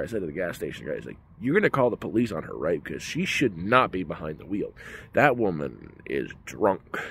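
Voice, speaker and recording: Man in a vlog, low voice with big swings in pitch, ranting emphatically. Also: fairly bright tone, breathy edge. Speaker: vlogger. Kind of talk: casual storytelling rant.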